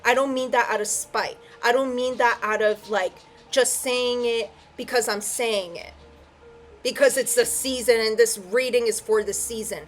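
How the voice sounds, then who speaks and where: A woman's voice: on the high side, steady tone, moderate pace, soft background music. Earnest woman giving a spiritual reading. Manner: emotional, tearful at times, earnest. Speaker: tarot and I Ching reader. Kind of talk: heartfelt solo spiritual reading.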